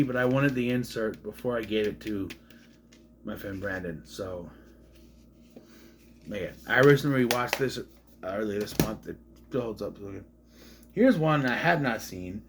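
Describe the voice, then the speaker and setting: Chatting casually on camera, a man rambles through his film collection as a show-and-tell vlogger, cracking jokes and occasionally cursing. He speaks at a medium pitch with a slightly bright tone, and there's a faint hiss or hum.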